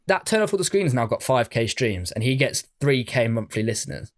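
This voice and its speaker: A man from England co-hosting a laid-back podcast, talking in a chatty, easygoing way. He swears casually and laughs often. His voice sits at a medium pitch. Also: big pitch swings, brisk. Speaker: podcast co-host. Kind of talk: casual chat.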